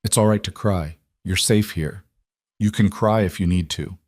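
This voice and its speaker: A man voicing a gruff, quiet rancher who speaks in a plainspoken way. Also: deep voice, moderate pace, no room sound, clean studio sound.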